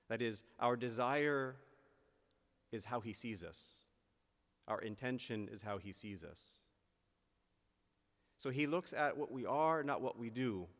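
A male priest giving a sermon in an earnest way, rising to emphatic peaks and slowing down on key phrases. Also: medium pitch, expressive, a bit bright. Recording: long church reverb.

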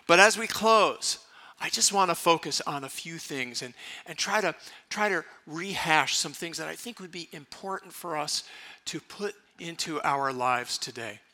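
A man preaching a sermon as pastor, conversational, moving between playful asides and hushed, earnest prayer. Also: sits high. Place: church sanctuary.

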